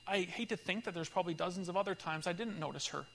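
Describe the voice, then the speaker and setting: High, gravelly man telling stories in a hall. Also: fast, slight background noise. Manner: animated storyteller, acts out dialogue, laughs often. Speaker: pastor leading a church group. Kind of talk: conversational teaching talk with storytelling.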